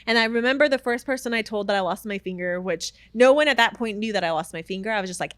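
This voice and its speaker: Animated young woman telling a story. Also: mid-range voice, quick pace, hardly any pauses, smooth, dry recording. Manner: animated storyteller, acts out voices, many "like" fillers. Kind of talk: casual chat.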